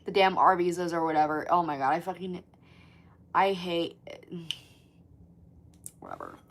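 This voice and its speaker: Young woman rambling on a live stream, says like a lot, swears, gets loud and excited. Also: on the low side, normal speed, vocal fry. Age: 20s. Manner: chatty, swears often, lots of "like", animated. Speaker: livestream host. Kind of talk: casual livestream chat reading comments.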